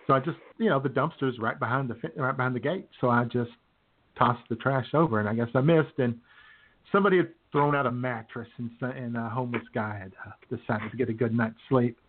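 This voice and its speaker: A man's voice: mid-range voice, brisk. Rambling man on a tinny line. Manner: rambling storyteller, laughs at own stories. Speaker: podcast host. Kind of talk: casual chat. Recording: tinny phone-like audio.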